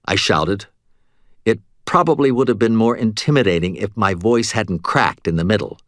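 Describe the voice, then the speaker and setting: A man's voice: lowish voice, normal speed, no echo, clean studio sound. A man narrating a novel in first person with wry, conversational storytelling. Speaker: audiobook narrator.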